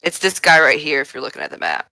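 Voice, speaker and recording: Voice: medium pitch, very animated, fast, gravelly, pushed and bright, dry recording, low-quality recording. A player chatting casually and swearing while describing their character's actions in a tabletop game.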